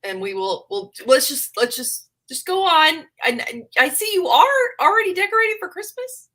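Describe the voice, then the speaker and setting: A woman's voice: high voice, big pitch swings, moderate pace, bright, forceful tone, low-quality recording. A woman co-hosting a comedy talk show, wry and mock-suspicious toward the host. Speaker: guest co-host. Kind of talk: casual comedy banter.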